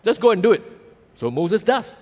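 A man's voice: sits high, sing-song, normal speed, a little mellow. A man preaching a sermon, telling the story animatedly with casual fillers and acting out voices. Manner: casual local fillers like "lah" and "ah". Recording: reverberant hall.

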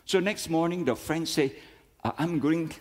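A man's voice: on the high side, moderate pace. Malaysian guy preaching, keeps asking the crowd questions and saying friends, big echoey hall sound. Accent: Malaysian English. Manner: emphatic, rhetorical questions, keeps addressing listeners as friends. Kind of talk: sermon.

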